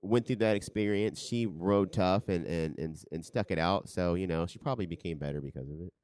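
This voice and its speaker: A man's voice: low voice, a little fast, a little mellow, clear, resonant tone. A man co-hosting a podcast in casual chat, blunt and joking and swearing freely. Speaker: podcast co-host and parent.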